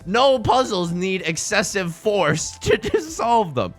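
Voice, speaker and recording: A man doing a theatrical impression of an escape-room game master announcing over an intercom in a slow, spooky tone. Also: high voice, sing-song, faint music behind, voice pushed up, exaggerated voice. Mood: mock ominous.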